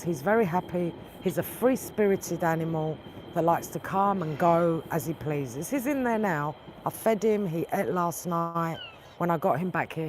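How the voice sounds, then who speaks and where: A woman's voice: lowish voice, a little mellow, slight background noise. A woman hosting a vlog, angrily retelling a run-in with her neighbours and quoting both sides at length. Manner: indignant, retells arguments with quoted dialogue. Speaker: tarot channel host. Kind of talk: casual vlog storytelling.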